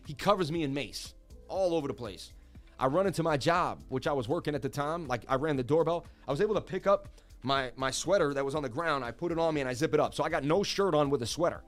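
An excitable streamer man telling a story. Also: a little high, fast talker, faint music behind. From Boston area, US. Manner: excited, repetitive, talks to viewers directly. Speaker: crypto market streamer. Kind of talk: animated storytelling on a livestream.

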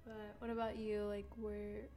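A woman's voice: medium pitch, completely flat delivery, measured pace, mellow. A young woman in her twenties co-hosting a podcast in casual, giggly chat. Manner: giggly, chatty, trailing off. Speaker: podcast co-host.

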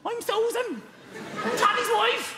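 A man voicing a chirpy Irish mother, mock-Irish accent, high and sing-song, in an echoey hall with a loud crowd. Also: fairly even intonation, a little slow, gravelly, heavy background noise, full character voice. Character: chirpy Irish mother introducing her family.

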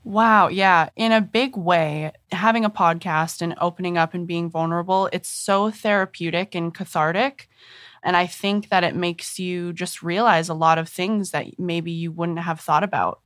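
Low-voiced woman podcast host, dry sound. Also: fairly even intonation, normal speed, a bit bright, no room sound. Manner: supportive, affirming listener. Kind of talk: casual interview.

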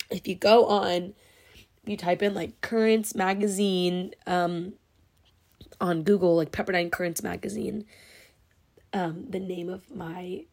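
A woman's voice: mid-range voice, gravelly, darkish tone. A young woman hosting her own podcast, crying happy tears as she gushes her thanks with lots of fillers and restarts. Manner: tearful, gushing, full of fillers. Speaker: podcast host. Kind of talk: emotional solo podcast talk.

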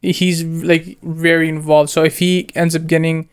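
Unhurried and clean-toned, this young man's voice sits on the high side. He co-hosts a film review, casually chatting and rambling as he retells scenes in lively slang.

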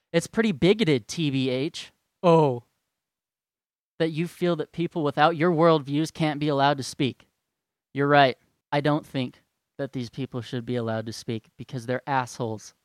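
A man's voice: mid-range voice, fairly even intonation, moderate pace, no room sound, clean studio sound. Fired-up young man, profane rant. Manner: profane, heated and sarcastic. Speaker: vlogger. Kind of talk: angry rant.

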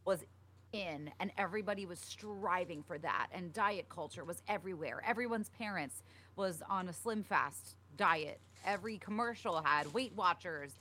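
A young podcast co-host speaks at normal speed in a fairly low voice that sounds pushed and bright. Her casual chatter is loaded with fillers like "like" and "um."

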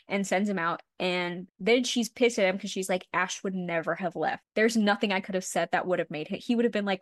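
A woman's voice: mid-range voice, brisk, hardly any pauses, no echo, studio quality. A young woman co-hosting a podcast, retelling a story in casual chat, full of "like" fillers and the odd swear word. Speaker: podcast co-host.

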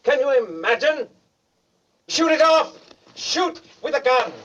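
An actor playing a flustered, prim British officer with a British accent, speaking in a clipped, exasperated way. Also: male voice, very high voice, big pitch swings, slow pace, a bit bright, a little hiss or hum, exaggerated voice. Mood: outraged. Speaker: British air force officer. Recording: muffled old film audio, distant.

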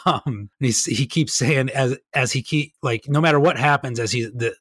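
A man's voice: mid-range voice, normal speed, fairly bright tone, slightly rough, dry recording. A man guesting on a podcast, telling stories in casual chat with rambling enthusiasm and frequent laughs.

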